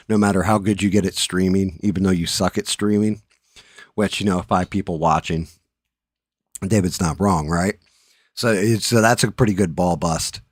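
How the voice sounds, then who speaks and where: A man's voice: low-pitched, dry recording, clean studio sound. A middle-aged man hosting a live stream, talking casually in a rambling, profane, joking way. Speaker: livestream host.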